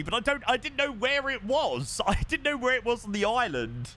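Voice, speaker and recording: A man streaming live, chatting casually and excitably with his viewers and swearing now and then. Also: very high-pitched, normal speed. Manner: excitable, swears, talks to chat.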